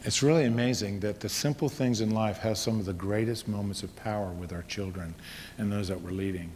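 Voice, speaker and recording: A middle-aged man telling a personal story to an audience, his delivery swinging from loud exhortation to hushed, quiet tones. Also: on the low side, fairly quick. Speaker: speaker. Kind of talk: storytelling talk. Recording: reverberant hall with faint noise.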